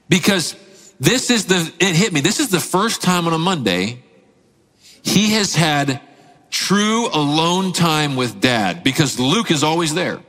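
Animated pastor in an echoing hall. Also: male voice, fairly high pitch, measured pace. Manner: animated storyteller, acts out quotes, laughs often. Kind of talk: sermon with personal story.

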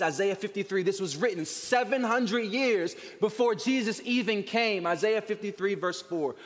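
A pastor preaching a sermon with emphasis, slowing down and dropping to a near-hush for weight, and calling the congregation to repeat words with him. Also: male voice, sits high. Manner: leads the congregation in call-and-response. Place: church sanctuary. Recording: long reverb of a large church hall.

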